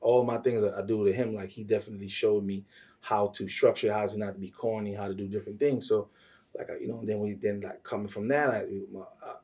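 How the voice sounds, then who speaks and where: A man, a music manager, telling stories in a casual interview, profane and animated, acting out the voices of people he quotes. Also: lowish voice, brisk, breathy edge, recorded from a distance.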